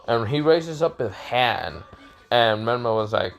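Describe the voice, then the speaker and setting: A man's voice: medium pitch, animated, unhurried, vocal fry, highs cut off, faint music behind. A young man casually telling an improvised fan story, rambling and correcting himself with many fillers.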